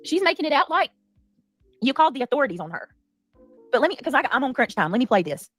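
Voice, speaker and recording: A woman hosting a heated livestream, talking fast and defensively with many restarts. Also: high voice, sing-song, fairly bright tone, no room sound, faint music behind. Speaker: livestream commentary host. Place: home.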